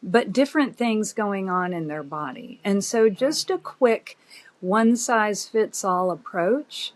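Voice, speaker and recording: This is a woman in her fifties, a physician guest, talking at an unhurried, deliberate pace. She is reflective and measured, pausing often and filling gaps with soft fillers, and her voice sits at an ordinary middle pitch. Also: animated. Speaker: OB-GYN guest. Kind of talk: conversational podcast interview.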